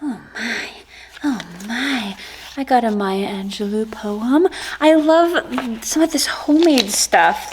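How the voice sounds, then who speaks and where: A woman's voice: on the high side, slow pace, a little hiss or hum. A woman in her thirties vlogging casually as she unboxes gifts, gushing and joking with her viewers. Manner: gushing and playful, jokes and exclamations.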